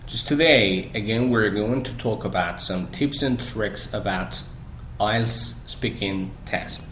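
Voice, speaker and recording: A man's voice: on the low side, slow pace, fairly bright tone, slight background noise. A man whose first language is Persian, giving a scripted podcast lesson on exam tips and speaking to the listener directly with questions. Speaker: English test-prep teacher. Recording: echoey room with faint ambience.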